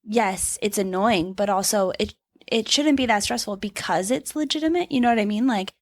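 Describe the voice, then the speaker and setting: A woman's voice: medium pitch, moderate pace, no echo. A woman co-hosts a casual podcast chat in a dry, close-sounding recording. She talks freely with playful asides and frequent laughter. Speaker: podcast co-host.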